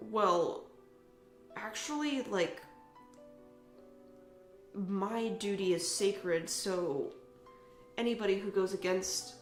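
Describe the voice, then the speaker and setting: A woman's voice: mid-range voice, a little mellow. A woman hosting a let's play, ranting profanely in casual game commentary with a sick voice. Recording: echoey room, faint music.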